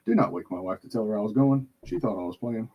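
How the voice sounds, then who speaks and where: A man's voice: on the low side, brisk, breathy edge, highs cut off. A man hosting a podcast, telling a heated, profane story in casual chat, swearing constantly. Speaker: podcast host.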